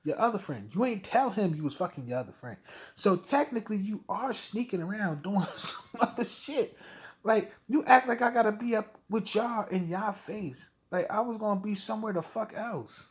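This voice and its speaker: Vlogger, male, fairly high voice, blunt profane rant, heated delivery. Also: lively intonation, normal speed. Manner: blunt, heated, swearing, with short laughs. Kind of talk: profane personal rant to camera.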